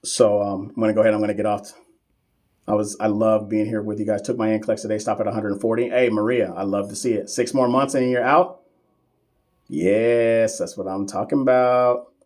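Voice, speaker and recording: A man's voice: on the low side, steady tone, brisk, a little mellow. A man hosting a casual live-stream Q&A as a nursing exam coach, reading viewer comments aloud and answering them in a loose, teasing, familiar way.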